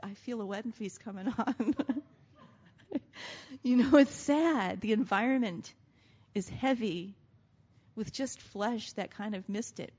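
A woman preaching a sermon, animated and quick to laugh, acting out voices as she goes. Her voice sits a little high. The recording sounds dull and lo-fi. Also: breathy edge.

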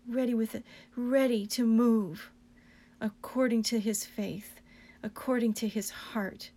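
A woman with a high voice delivers a sermon with fervor. She leans hard on repetition and builds to emphatic declarations. Her speech stays urgent and insistent throughout. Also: fairly even intonation, unhurried, warm tone. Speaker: preacher.

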